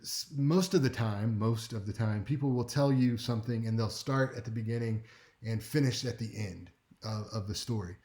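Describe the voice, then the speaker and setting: A man teaching a speech class in a relaxed, conversational lecture, with wry asides and frequent check-ins with his listeners. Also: on the low side, normal speed. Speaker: speech instructor.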